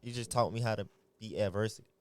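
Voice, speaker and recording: A young Atlanta rapper with a local accent and a lowish voice talks fast in a casual interview. His answers are laid-back and full of slang, with a crowd audible behind him.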